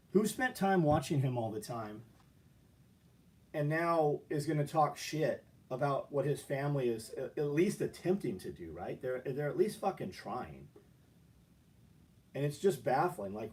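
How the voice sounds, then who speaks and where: A mid-range, husky voice with a darkish tone belongs to a man running a casual livestream to sell tactical gear. He curses a lot and talks bluntly, drifting between rambles and angry rants.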